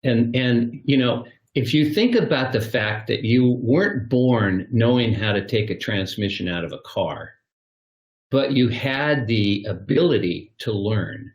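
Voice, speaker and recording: A man's voice: medium pitch, lively intonation, unhurried, muffled recording. An older man who is a guest on a podcast, giving reflective advice and telling little stories where he acts out the voices. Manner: storytelling, acts out little scenes. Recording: roomy echo.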